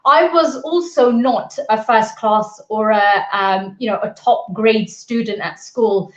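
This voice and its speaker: A high-voiced woman, a business mentor appearing as a guest speaker, gives a virtual event talk over a video call. She is candid and energetic yet takes it slowly, telling stories with acted-out quotes. The audio sounds roomy and slightly dull.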